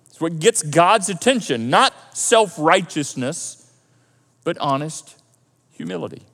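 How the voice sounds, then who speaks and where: A male pastor preaching a sermon in a lively, conversational way and often repeating himself. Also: fairly high pitch. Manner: animated, conversational preaching with repetitions. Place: church auditorium. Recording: echoey hall.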